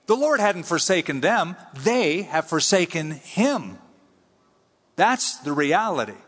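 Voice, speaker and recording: A man preaches a conversational Bible sermon in a slightly high voice, swinging his delivery up and down with animated emphasis. The sound carries with a long reverb from a large hall. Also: slow pace, husky. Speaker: pastor.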